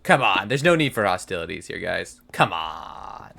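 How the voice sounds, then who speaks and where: A man's voice: deep voice, sing-song, normal speed, creaky, few pauses, pushed and bright, rough recording. A man streaming a game, muttering to himself and trading mock-outraged jokes with his chat. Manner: mutters to himself while playing. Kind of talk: casual live game stream talk.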